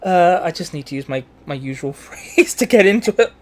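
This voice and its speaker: Excitable laughing game streamer. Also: mid-range voice, fairly quick. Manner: laughs often, swears, excitable. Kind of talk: casual let's-play chat.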